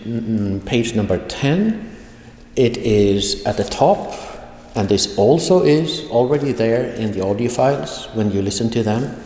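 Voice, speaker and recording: Slow, deliberate male teacher in an echoey room. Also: medium pitch, mellow, a little hiss or hum. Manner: slow, deliberate, repeats example phrases for pronunciation. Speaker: language teacher. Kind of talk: online video lecture. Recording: echoey room with long reverb.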